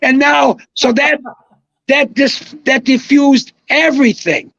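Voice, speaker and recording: An older man telling an animated story as a podcast guest, excitable, swearing and acting out quotes. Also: very high-pitched, slow, creaky, no room sound, dull audio.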